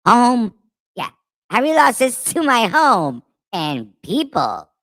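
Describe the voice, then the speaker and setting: A man's voice: very high-pitched, huge pitch swings, slow, sharp tone, voice pushed up, full character voice. A man voicing an anxious insect-like warrior with a raised, strained voice. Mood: worried.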